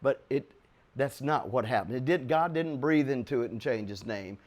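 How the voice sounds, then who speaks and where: An older American man teaching the Bible in an excitable, chuckling way, with sudden loud bursts for emphasis. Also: medium pitch, normal speed.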